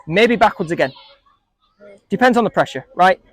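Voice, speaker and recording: A man's voice: high voice, lively intonation, moderate pace, dry recording. A man coaching a group of young football players, asking them questions and joking with them. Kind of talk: coaching talk to a group of kids.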